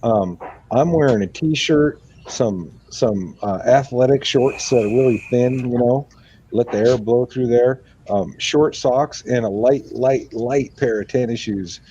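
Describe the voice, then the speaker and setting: A man's voice: mid-range voice, measured pace, mellow, slightly rough. A man chatting casually about lawn care work in a laid-back, rambling way. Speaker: guest lawn care worker. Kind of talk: casual live-stream chat. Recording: dull lo-fi audio with faint noise.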